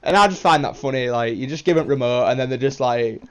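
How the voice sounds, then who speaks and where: A man's voice: medium pitch, expressive, quick pace. A young man with a British accent rambling casually through a vlog, repeating himself and swearing now and then. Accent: British English. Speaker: vlogger.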